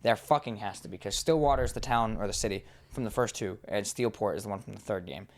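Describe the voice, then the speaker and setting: A man's voice: on the low side, fast talker. Young man telling rambling, swear-laden stories. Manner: rambling, swears freely, storytelling. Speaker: podcast co-host. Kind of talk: casual chat.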